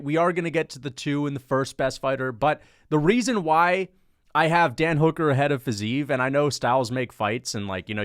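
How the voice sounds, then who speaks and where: Animated man thinking aloud on rankings. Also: medium pitch, clean tone, dry recording, clean studio sound. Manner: animated, thinks aloud, changes his mind mid-sentence; swears casually. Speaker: MMA commentator and channel host. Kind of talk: casual ranking commentary.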